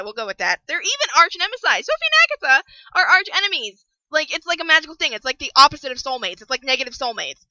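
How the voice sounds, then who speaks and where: A young woman giving a ranting book review, animated and prone to bursts of yelling. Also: high-pitched, no echo, muffled recording.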